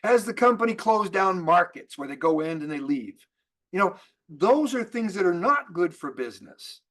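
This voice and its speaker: Man, high voice, energetic sales trainer, rhetorical questions, restarts his sentences. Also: normal speed. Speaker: network marketing trainer. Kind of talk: motivational business training talk.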